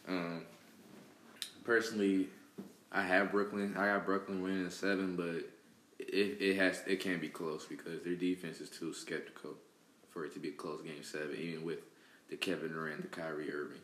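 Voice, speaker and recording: A man's voice: low voice, flat delivery, moderate pace, fairly bright tone. A man giving a casual, rambling sports take full of fillers. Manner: loose, rambling analysis with filler words. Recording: echoey room with faint background noise.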